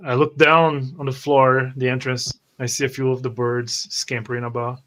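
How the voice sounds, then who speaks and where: A man's voice: mid-range voice, little pitch movement, normal speed, fairly bright tone. A man playing a tabletop game, describing actions and speaking in character with a wary, clipped manner. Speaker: player. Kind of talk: tabletop role-play.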